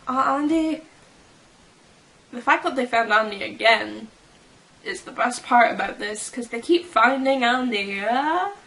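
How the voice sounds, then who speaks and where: Chatty giggly girl vlogging, fairly high voice, takes her time. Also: animated, measured pace, pauses often, fairly bright tone. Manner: chatty, reads fan fiction quotes aloud and imagines reactions; giggly and playful. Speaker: fan vlogger. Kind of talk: casual fan reaction chat.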